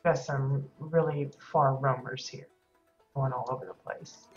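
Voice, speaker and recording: Low-voiced woman streaming her game build. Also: steady tone, measured pace. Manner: rambling, hesitant, many fillers. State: losing her voice. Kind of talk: casual live-stream commentary. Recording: dull lo-fi stream audio with music.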